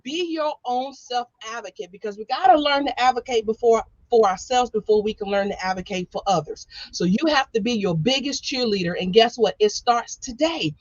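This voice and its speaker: A woman panel speaker gives direct, encouraging motivational remarks over a video call. Her fairly high voice comes through slightly muffled. The sound is close and dry. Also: brisk, hardly any pauses, no echo.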